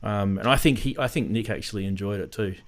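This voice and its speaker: A man with a lowish voice and an Australian accent talks fast while hosting a casual synth live stream. He rambles along and greets chat viewers by name.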